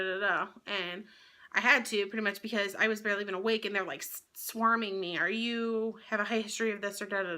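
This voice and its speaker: A woman's voice: medium pitch, bright, forceful tone. A young woman vlogger telling a personal story in a candid, rambling way, swearing freely. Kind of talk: casual storytelling to camera.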